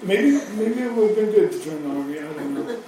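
A man in his thirties tells his story in a rambling, self-mocking way, swearing freely. His voice sits high for a man. It reaches the mic from a distance in a hall with heavy echo, with faint noise behind. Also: animated, a little fast. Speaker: speaker sharing his recovery story. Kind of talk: personal storytelling. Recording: very echoey hall, from far off.

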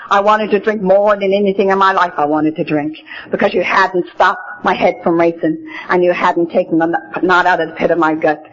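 A woman's voice: fairly low pitch, steady tone, fairly quick, hardly any pauses. An older woman speaking at a recovery meeting, telling her own story in a plain-spoken, earnest way from the podium. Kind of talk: personal testimony talk. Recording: dull lo-fi recording.

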